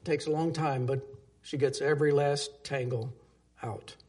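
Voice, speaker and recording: A man's voice: fairly high pitch, steady tone, unhurried, darkish tone, husky. A man preaching a sermon, telling a story earnestly and closing in prayer. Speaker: pastor.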